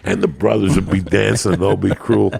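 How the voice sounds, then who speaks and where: A man with a low, heavily gravelly and husky voice holds forth as a podcast guest. He tells crude, rambling stories full of profanity. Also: steady tone, normal speed, a little mellow, no echo. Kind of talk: profane storytelling.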